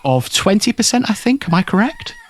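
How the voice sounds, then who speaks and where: A man's voice: high-pitched, wildly swooping pitch, brisk, a crowd in the background. A man co-hosting a podcast in casual political chat, explaining points and then checking with the others.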